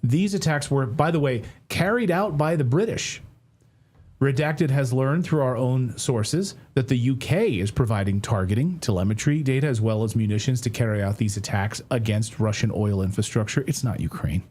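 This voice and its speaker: A man's voice: mid-range voice, moderate pace, a little mellow, slightly rough. A middle-aged man hosting a news commentary show, talking to camera in a conversational way, correcting himself and dropping wry asides.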